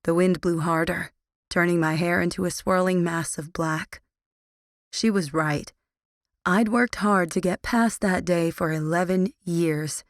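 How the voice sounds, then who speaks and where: A woman narrating a first-person young adult audiobook in a wry, low-key manner. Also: no echo, clean studio sound. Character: wry, guarded teenage girl narrator.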